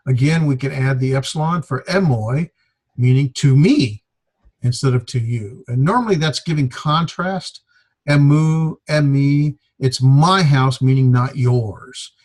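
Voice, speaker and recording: A man teaching a Greek grammar class, explaining in a halting way with many fillers. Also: mid-range voice, a little mellow. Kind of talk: classroom lecture.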